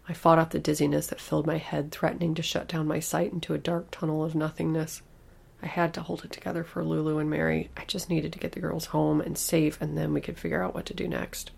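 Gravelly woman narrating a horror story. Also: low voice, level tone, quick pace, darkish tone. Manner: first-person storytelling, anxious and intimate.

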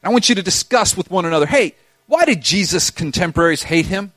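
Male pastor preaching, fairly high voice, dry close sound, swings from loud pleading to near-whisper. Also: expressive, fast talker, no echo. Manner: impassioned, swings between loud urging and hushed intensity. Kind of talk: sermon.

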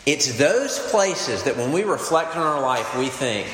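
A man's voice: mid-range voice, very animated, measured pace, few pauses, a bit bright, a little hiss or hum. A man giving an earnest, conversational sermon as a campus minister, with frequent fillers. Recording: echoey hall with long reverb.

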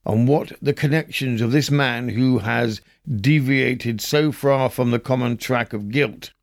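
A man hosting a podcast, reading old newspaper stories aloud with a measured, wry storytelling delivery. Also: medium pitch, vocal fry, no echo, studio quality. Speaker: podcast host.

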